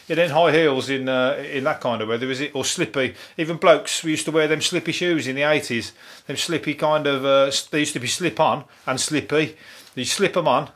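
A man's voice: on the high side, fairly quick, fairly bright tone. Sweary Birmingham-accented man rambling. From England. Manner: rambling, sweary and self-mocking, with laughs and restarts. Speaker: podcast host. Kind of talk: casual solo podcast monologue.

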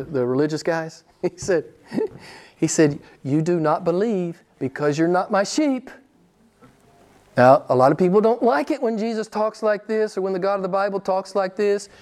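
A man's voice: a little high, a little mellow. A man preaching a sermon to a small group, emphatic, repeating his key phrases and asking rhetorical questions. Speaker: pastor.

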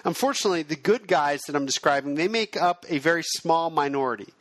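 A male podcast host who explains in an even, self-described monotone delivery. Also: on the high side, fast talker, no echo. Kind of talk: podcast monologue.

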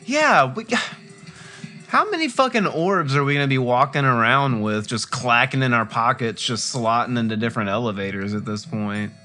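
A man's voice: medium pitch, moderate pace, soft background music. A man casually chatting and reacting while playing a video game with a friend. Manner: excitable, reads game text aloud. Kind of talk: casual let's-play banter.

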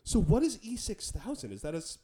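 A man with a high voice that leaps around as he chats. He gets excited easily and reacts with lots of exclamations. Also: fairly quick. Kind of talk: casual chat.

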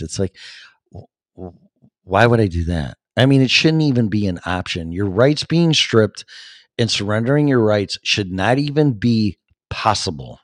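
A man's voice: lowish voice, expressive, moderate pace, no room sound, studio quality. A man in his fifties hosting his own podcast, chatting casually and rambling as he reads and answers live chat comments, with many fillers and restarts. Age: 50s. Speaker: podcast host.

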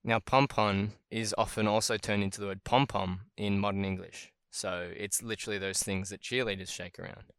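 A man's voice: on the low side, fairly even intonation, normal speed, hardly any pauses, fairly bright tone, clear, resonant tone, dry recording. A man hosting a solo podcast about word origins, chatting casually and thinking aloud as he goes. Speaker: podcast host.

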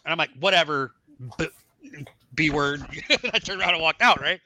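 A middle-aged man telling his life story in a casual podcast chat, acting out the dialogue of the people in it with animated voices. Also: on the high side, fast talker, slight background noise. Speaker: podcast guest.

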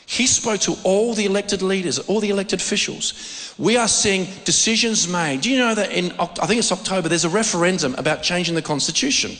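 A man preaching a sermon, telling stories with animated energy and frequent restarts. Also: high voice, brisk. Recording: long reverb of a hall.

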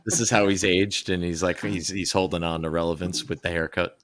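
Deep-voiced, sarcastic male co-host. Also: level tone, a little fast, fairly bright tone. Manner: dry, sarcastic banter. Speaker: podcast co-host. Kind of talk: casual wrestling chat.

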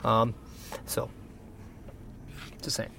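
A man's voice: extremely slow, crowd noise. A man, a wrestler co-hosting a casual podcast, rambling with many fillers and dry jokes. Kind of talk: casual chat.

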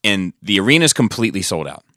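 A man co-hosting a casual chat, telling an animated story and swearing casually. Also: on the low side, fast talker, dry recording, studio quality. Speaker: podcast co-host.

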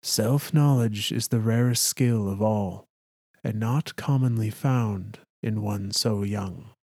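A man voicing an old male alien clan leader who speaks in a calm, measured, gentle way. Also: fairly low pitch, dry recording, studio quality.

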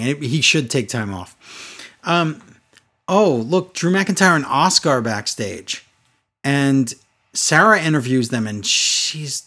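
A man's voice: mid-range voice, pushed and bright. A man in casual chat, reviewing a wrestling show with sarcastic, exasperated commentary.

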